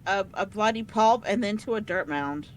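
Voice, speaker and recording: A player in a tabletop game, chatting casually in a rambling, animated way with frequent restarts. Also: medium pitch, normal speed, slight background noise, low-quality recording.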